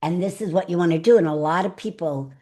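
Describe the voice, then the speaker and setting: A woman's voice: on the low side, fast talker. Chatty woman coaching public speaking. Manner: chatty, expressive, animated delivery with laughs. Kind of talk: live online coaching talk.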